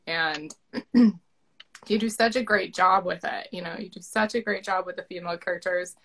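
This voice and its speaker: A woman's voice: on the low side, normal speed, fairly bright tone, a little hiss or hum, rough recording. A woman author interviewing her narrator in casual chat, effusive and gushing, with many fillers and restarts.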